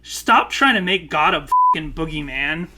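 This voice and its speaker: A man's voice: a little high, expressive, moderate pace, noisy background. A man co-hosting a podcast, talking with passion and swearing freely in a long casual monologue. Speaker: podcast co-host.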